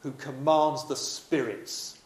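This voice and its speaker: A man's voice: mid-range voice, steady tone, slow pace, slight background noise. A man preaching a sermon in a dramatic, emphatic yet conversational way. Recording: echoey room.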